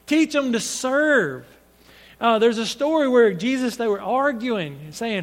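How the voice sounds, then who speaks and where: A man's voice: extremely high pitch, expressive, unhurried, in a large hall. A man preaching a sermon, speaking in an earnest, conversational storytelling way with frequent restarts.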